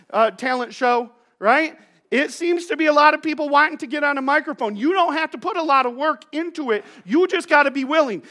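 A man's voice: very high voice, pushed and bright. A male pastor giving a sermon in a conversational, joking way, telling playful stories to his congregation.

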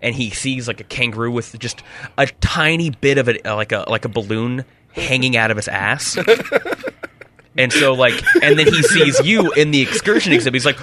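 Eager man pitching game ideas. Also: moderate pace, sharp tone, slight background noise. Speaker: player. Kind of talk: tabletop game chat.

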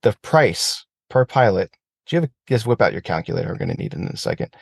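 Male co-host, low gravelly voice, casual and profane, dry close sound. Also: fast talker, no room sound. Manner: profane, animated rants. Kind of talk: casual chat.

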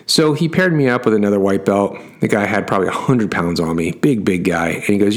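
Middle-aged male coach, somewhat low voice, casual storyteller, emphatic, repeats himself for effect. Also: brisk.

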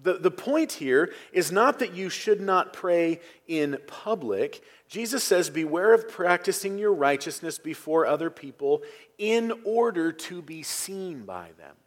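A man's voice: high-pitched, sing-song, a little slow. A man preaching a Sunday sermon as pastor, earnest and emphatic, stressing key phrases and sometimes dropping to a near whisper. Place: church sanctuary.

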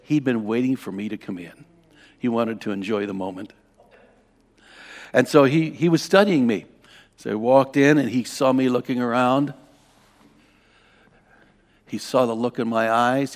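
A man preaching a sermon, telling a personal story with strong emotion, dropping to a hush and rising to loud declarations. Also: medium pitch, moderate pace, pauses often, long reverb tail. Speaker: pastor.

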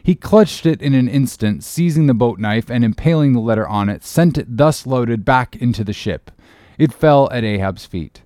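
Reading an old novel for an audiobook, a man tells the story in a measured, expressive style, his pitch lively as it rises and falls at an even pace. The recording is close and dry, without any room sound or echo.

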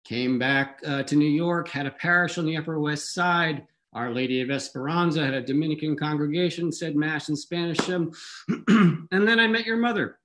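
A man voicing his father, a curt and evasive former priest, in a hushed manner. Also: a little high, moderate pace, close to an everyday voice. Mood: matter-of-fact.

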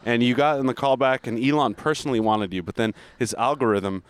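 A man's voice: medium pitch, a little fast, smooth. A man cohosting a podcast while walking outdoors, quizzing his friend playfully and rambling through anecdotes. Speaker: podcast co-host. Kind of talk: casual walking chat. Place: outdoors on a city street.

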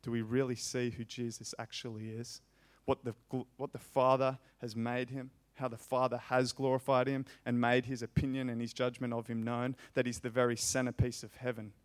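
A man's voice: medium pitch, level tone. Impassioned male preacher. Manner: impassioned, rising loud on repeated phrases, slow emphatic delivery. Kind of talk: sermon.

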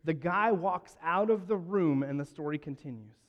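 A man preaching a sermon, telling a story and acting out its lines, moving between hushed and loud. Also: a little high, moderate pace, muffled recording. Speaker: pastor. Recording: long hall reverb.

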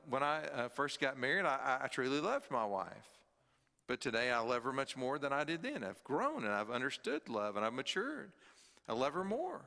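A middle-aged man preaching a sermon as pastor, earnest, swinging from emphatic high peaks to quiet low drops. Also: vocal fry. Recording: long hall reverb.

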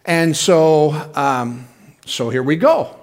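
Middle-aged male pastor, a touch high-pitched, casual down-home sermon delivery with asides to the congregation. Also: animated, takes it slowly. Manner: folksy, conversational preaching with asides to the congregation.

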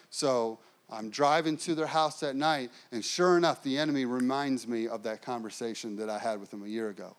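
A man preaching a sermon as pastor, telling a personal story with lively acted-out quotes. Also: medium pitch, brisk, few pauses.

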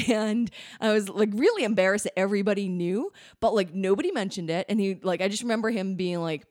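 A young adult woman co-hosting a casual podcast, her voice sitting at an ordinary middle pitch. She rambles through personal stories in a chatty way, full of "like" fillers and quick laughs. The recording is close and dry, with no room sound. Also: darkish tone, dry recording. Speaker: podcast co-host. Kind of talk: casual chat.

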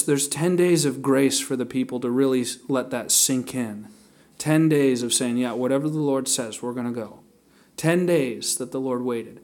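A man leading a casual sermon-style Bible study, thinking aloud with fillers and restarts and reading scripture aloud slowly. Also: mid-range voice, darkish tone. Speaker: Bible teacher.

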